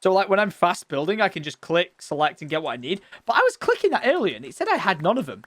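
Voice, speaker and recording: A young man commenting on his Minecraft building session in chatty, excitable talk with frequent exclamations. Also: sits high, quick pace, no room sound. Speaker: gaming YouTuber. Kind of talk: Minecraft let's play commentary.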